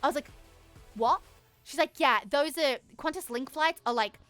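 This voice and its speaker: A woman's voice: sits high, moderate pace, fairly bright tone, faint music behind. A young woman streamer telling a story casually, acting out both sides of a conversation and swearing freely. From Australia.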